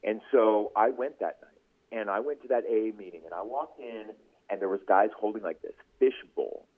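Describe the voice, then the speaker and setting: A man with a fairly low, slightly rough voice speaks at a moderate pace. He's a podcast host and news anchor appearing as a guest on a casual radio interview, animatedly telling his story and acting out the voices of people he quotes. The audio is tinny, like a phone line on radio.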